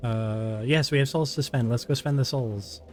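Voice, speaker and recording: A man's voice: medium pitch, normal speed. A tired, yawning man giving playful, chatty gameplay commentary while streaming. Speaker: gaming streamer.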